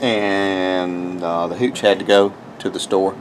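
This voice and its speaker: A man's voice: deep voice, steady tone, slow, a little hiss or hum, rough recording. A man giving a folksy, rambling walk-through of his garden, often repeating words as he talks to viewers. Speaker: homestead vlogger. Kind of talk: casual walk-through chat. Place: outdoors in a garden.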